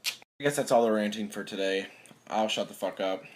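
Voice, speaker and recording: A young man giving a profane, animated rant as a sports fan vlogger, mimicking players in between. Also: on the low side, moderate pace. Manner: animated, swearing, mimics players in quoted voices.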